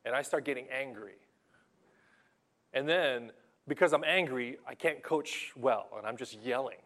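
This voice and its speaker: A young adult man preaching a sermon in a conversational, animated way, telling stories from his coaching and acting out what people say. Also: mid-range voice, measured pace. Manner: conversational, animated storytelling with acted-out quotes. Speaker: pastor and basketball coach.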